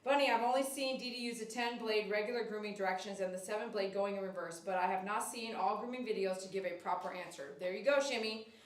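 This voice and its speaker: Talking fast in a mid-range voice, a woman dog groomer hosts a laid-back livestream at her grooming shop. She reads viewer comments aloud and coos baby talk at a dog. The room echoes, and the mic is some way off.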